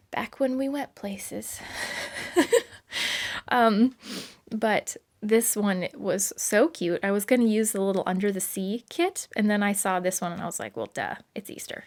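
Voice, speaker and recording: A woman chatting casually as she sets up a planner, rambling with many fillers and little laughs, recorded at home. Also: mid-range voice. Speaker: planner vlogger.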